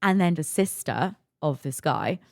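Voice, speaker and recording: A woman, a podcast host telling a story in an animated, emphatic way and swearing freely. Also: sits low, measured pace, gravelly, no room sound, clean studio sound. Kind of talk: casual storytelling.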